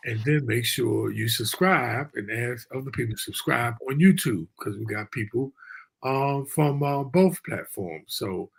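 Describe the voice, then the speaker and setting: Male talk show host, casual live stream, rough raspy edge to the voice, chatty and folksy. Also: medium pitch, expressive, unhurried. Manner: chatty and loose, with folksy asides. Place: remote virtual studio.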